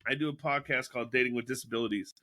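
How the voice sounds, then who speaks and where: A man's voice: mid-range voice, racing. A man guest on a casual podcast, telling stories with lots of swearing, acting out quotes and laughing as he talks. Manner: animated, profane storyteller acting out quotes; laughs often mid-sentence.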